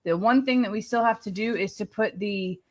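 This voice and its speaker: A woman co-hosting a casual chat from her home and yard, talking in a chatty, animated way. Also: medium pitch, a little fast. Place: home and backyard.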